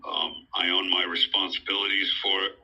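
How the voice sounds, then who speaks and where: A man's voice: sits low, little pitch movement, a little fast, pushed and bright, slightly rough, poor audio. A middle-aged man giving a rambling, earnest account of his own legal case, full of hesitations and fillers. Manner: earnest, pleading. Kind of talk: unscripted personal account.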